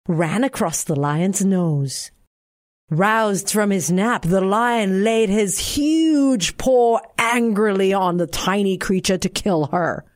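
A woman with a Singaporean accent reading a bedtime fable aloud in a gentle, expressive way. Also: medium pitch. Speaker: narrator.

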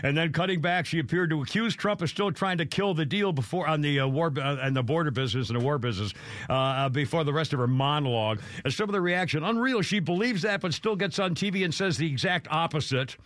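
A man's voice: on the high side, fast talker, a bit bright, no room sound. Fired-up talk radio host, man. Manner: angry, swearing, trailing off and restarting. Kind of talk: heated talk radio rant.

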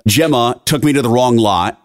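Speaking at normal speed in a mid-range voice, this young man from around Philadelphia hosts a podcast. In casual conversation he rants through a story, clearly exasperated.

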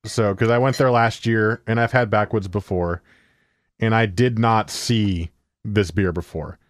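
A man's voice: fairly low pitch, fairly even intonation, a little slow, dry recording, studio quality. A man co-hosting a casual beer tasting chat, talking at length through tasting notes. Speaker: co-host presenting a beer of the week.

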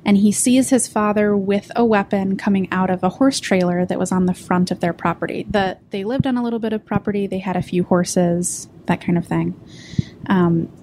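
A woman reporter on a podcast, recounting the details of a case in a measured way, with frequent ums. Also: mid-range voice, darkish tone, a little hiss or hum. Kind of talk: podcast discussion.

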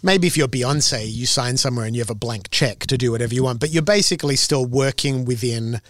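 A male musician in casual conversation, thinking aloud and circling back as he goes. His pitch is an ordinary middle, and the recording is close and dry with almost no room sound. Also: a little fast, no room sound. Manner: rambling, self-correcting and thoughtful. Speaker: singer-songwriter guest. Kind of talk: casual interview chat.

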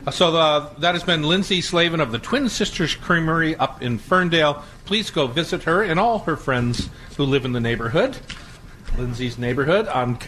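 An older man hosting a food radio show, chatting in a relaxed, rambling way and chuckling often. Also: a little high, normal speed, poor audio. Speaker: radio show host and chef. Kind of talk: casual radio chat.

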